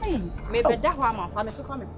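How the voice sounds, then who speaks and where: A woman's voice: a little high, lively intonation, very fast, music in the background, natural voice. A woman playing a feisty quarrelsome woman. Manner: argumentative, shouting back. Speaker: comic skit actress. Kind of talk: loud comedic quarrel.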